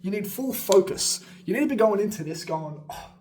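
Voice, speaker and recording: A man's voice: sits high, fairly quick. A man coaching beatboxers in a casual, rambling way, full of swearing and laughing asides, sometimes moving around as he talks. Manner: energetic, swearing, laughing asides, jumping around while talking.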